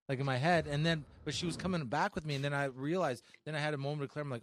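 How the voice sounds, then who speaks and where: A man co-hosting a podcast, telling stories in rapid, profane casual chat full of "like". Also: fairly high pitch, a little hiss or hum. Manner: rapid, profane storytelling with filler "like". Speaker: podcast co-host.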